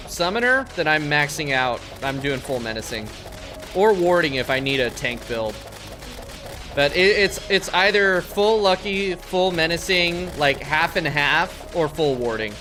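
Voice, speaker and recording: A young man talks through his game in a loose, rambling way, swearing often as he goes. His voice sits a little high for a man. Game music plays clearly behind him. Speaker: streamer. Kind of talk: casual gameplay commentary.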